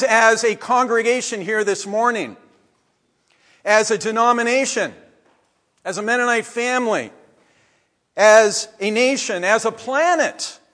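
A man preaching a sermon in a church, his voice sitting high and his pace unhurried. He lets the ends of phrases drop away quietly. The sanctuary leaves a long reverb trailing behind each word. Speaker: pastor.

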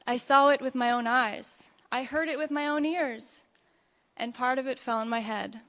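A woman's voice: sits high, moderate pace, fairly bright tone. A woman voicing a panicky little hen who shrieks in frantic alarm, heard with long hall reverb. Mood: insistent.

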